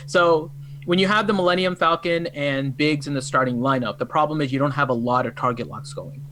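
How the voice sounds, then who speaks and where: A man's voice: fairly high pitch, a little fast, pushed and bright, low-quality recording. A man co-hosting a casual gaming livestream, explaining strategy in an easygoing, joking way. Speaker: co-host.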